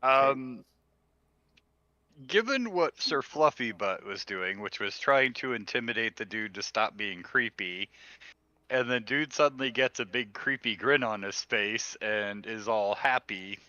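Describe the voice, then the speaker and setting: A man playing a tabletop game, calmly describing what his character does. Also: on the low side, unhurried, no echo. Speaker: player. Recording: dull, dry lo-fi mic.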